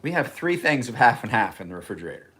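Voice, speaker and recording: A man's voice: medium pitch, very animated, quick pace, a bit bright, a little hiss or hum. A man casually chatting on a livestream from his home kitchen, rambling and joking as he talks. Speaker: knife sharpener and livestream host.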